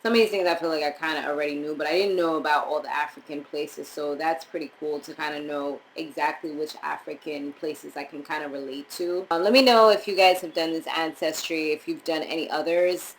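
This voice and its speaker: A young woman from Montserrat chatting casually as a vlogger, rambling with animated asides. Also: sits low, a little fast, hardly any pauses, slight background noise, poor audio. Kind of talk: casual chat reviewing DNA results.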